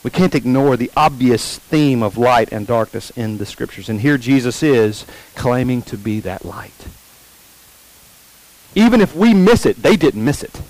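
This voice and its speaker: A male pastor preaching a sermon, repeating key phrases slowly for emphasis and putting questions to the congregation. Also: mid-range voice, a little mellow, no echo, low-quality recording.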